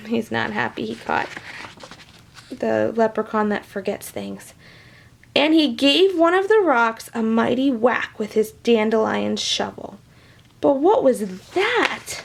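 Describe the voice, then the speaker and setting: A woman reading a children's picture book aloud, with animated, chatty asides to young listeners. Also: on the high side, a little slow, vocal fry. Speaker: storybook reader.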